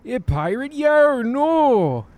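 An actor playing a scruffy pirate captain who poses as a scholar, speaking in gruff pirate talk and making clumsy excuses. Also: male voice, very high-pitched, big pitch swings, slow, darkish tone, full character voice. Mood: shifty.

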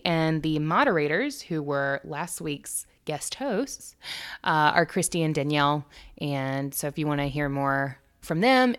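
A young American woman co-hosting a podcast, chatting casually with crude jokes and plenty of swearing. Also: deep voice. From United States. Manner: crude, joking, swears freely. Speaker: podcast co-host. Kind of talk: casual chat.

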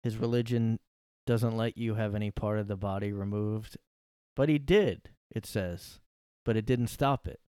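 Male solo podcaster, rambling and sarcastic, low-ish voice, sniffly, dry close sound. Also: normal speed, warm tone, clean tone, no echo. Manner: rambling, sarcastic, swears freely. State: sniffly from allergies. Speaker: podcast host. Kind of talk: casual solo rant. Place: his own room.

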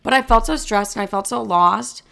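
A woman's voice: medium pitch, moderate pace, vocal fry, sharp tone. A young adult woman telling a story to the camera in a casual rant, blunt and swearing a lot. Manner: blunt, heavy swearing, fired-up. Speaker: storyteller vlogger.

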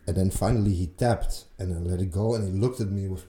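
A man's voice: sits low, fast, dark tone. A man in his forties, a guest telling stories casually and rambling with many fillers and restarts. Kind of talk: casual storytelling.

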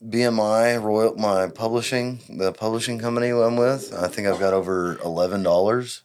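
A man's voice: on the low side, steady tone, normal speed, darkish tone. A young man hosting a casual podcast chat, joking and teasing with a rambling, offhand delivery. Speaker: podcast host.

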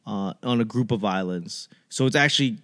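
A man's voice: fairly low pitch, moderate pace, fairly bright tone. Rambling man telling stories. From Boston, USA. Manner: rambling, self-deprecating, loses his train of thought. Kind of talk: casual comedic monologue.

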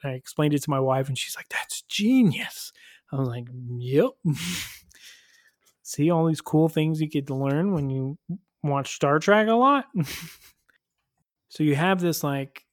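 A man hosting a casual review podcast, animated and chatty, with lots of fillers and frequent laughs. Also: on the high side, no echo, studio quality. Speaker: podcast host reviewing episodes.

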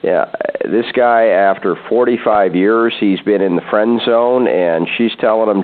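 A man's voice: fairly low pitch, unhurried. A man co-hosting a radio advice show, casually setting up topics and agreeing along. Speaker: radio co-host. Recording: tinny phone line.

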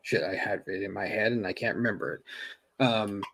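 A man's voice: on the low side, steady tone, normal speed, creaky, fairly bright tone. A man co-hosting a podcast in casual chat, thinking aloud with frequent restarts. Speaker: podcast co-host.

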